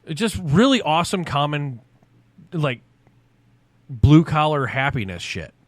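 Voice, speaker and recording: A man in his forties, a podcast host, telling a story in casual, profane chat, animated and loud at the big moments. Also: a little high, a little slow, dry recording.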